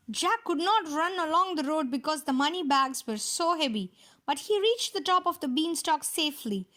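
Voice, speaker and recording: A woman reading a fairy tale aloud for children in a steady storytelling manner. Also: high-pitched.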